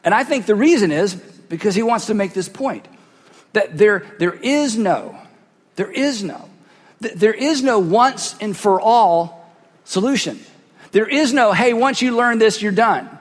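A pastor delivering a sermon through a cheek-worn headset mic, swinging from loud bursts to hushed asides as he acts out voices. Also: sits high, animated, a little slow, in a large hall. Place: large church hall.

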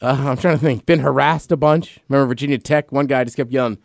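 A man's voice: mid-range voice, quick pace, vocal fry, dry recording, clean studio sound. A man in his thirties chatting casually as a podcast co-host, telling rambling stories and laughing often. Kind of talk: casual chat.

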